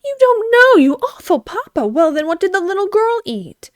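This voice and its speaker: A woman voicing an impatient, bossy little girl who talks in an excited, demanding way. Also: sits high, a little fast, no room sound, studio quality.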